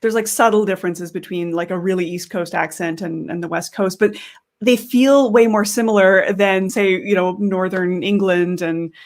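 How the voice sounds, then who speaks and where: A Canadian woman speaking as a guest in a casual video call chat, upbeat and quick to laugh. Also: on the low side, fairly even intonation. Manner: upbeat, laughs often, restarts phrases.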